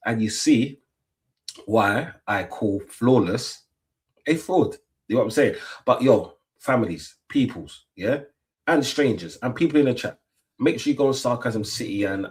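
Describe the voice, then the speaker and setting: A young British man hosts a football banter livestream from behind his webcam. His voice sits low, and he trades teasing jabs with his chat in a loose, casual flow. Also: a little mellow. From Britain. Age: young adult. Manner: playful trash talk, lots of "yeah?" tags. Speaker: livestream host. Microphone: webcam mic.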